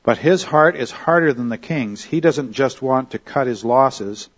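Guy teaching a bible study, chatty, keeps saying okay? all right?, middle pitch, kinda dull lo-fi recording. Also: measured pace.

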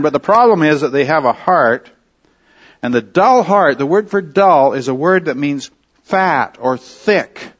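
Man, pastor, expository sermon, slow deliberate delivery, emphatic repetition, mid-pitched voice, muffled lo-fi sound. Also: expressive.

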